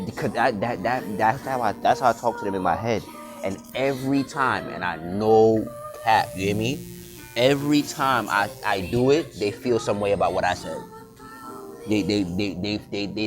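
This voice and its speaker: A man's voice: fairly low pitch, unhurried. A man vlogging in a blunt, profane, unscripted monologue, often restarting and repeating words. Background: music.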